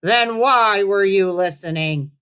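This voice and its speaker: A stern male school principal with a big booming voice, as a woman reading a storybook puts him on. He talks down to a child and repeats himself. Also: slow, bright, forceful tone, clean tone, exaggerated voice.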